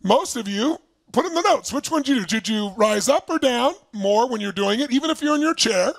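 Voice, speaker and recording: A man leading an online seminar as a motivational speaker, energetic and emphatic, firing questions at his audience. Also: very high-pitched, fairly quick, no room sound. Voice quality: gravelly, husky. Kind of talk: live online seminar coaching. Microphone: speaking to camera for remote viewers.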